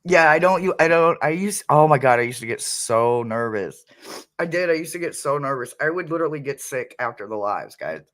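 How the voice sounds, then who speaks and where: A man's voice: fairly high pitch, sing-song, a little fast, a bit bright. A man hosting a casual livestream as a psychic medium, chatty and laughing often as he talks to his viewers.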